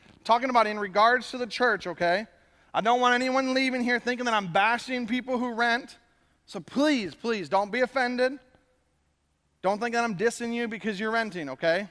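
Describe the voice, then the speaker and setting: A man, a pastor, giving a conversational and animated sermon to his congregation. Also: extremely high pitch, long reverb tail. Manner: conversational, animated preaching with quick asides. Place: church sanctuary.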